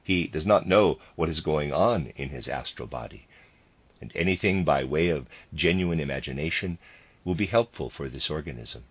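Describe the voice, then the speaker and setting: A man reading lectures aloud as an audiobook reader, in a measured way, speaking the bracketed notes too. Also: rumbling low, expressive, husky, dull audio.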